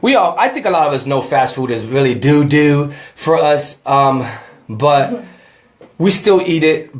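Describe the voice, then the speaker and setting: A man's voice: a little high, lively intonation, unhurried, echoey room. A man in a casual home workout vlog, out of breath and chatty, talking to the camera and to a friend. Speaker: fitness vlogger.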